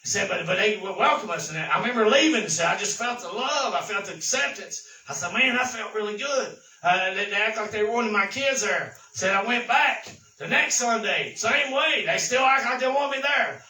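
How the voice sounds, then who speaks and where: A man preaching a sermon, telling folksy stories and building to shouted exhortation. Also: high voice, expressive, moderate pace, hardly any pauses, reverberant, distant mic, poor audio. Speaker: pastor.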